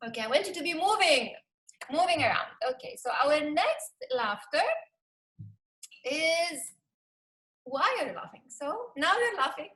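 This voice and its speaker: Bright-voiced woman leading laughter yoga. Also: sits high, rough recording. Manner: cheerful, laughs often, calls out "yay". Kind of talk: live webinar instruction. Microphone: video call.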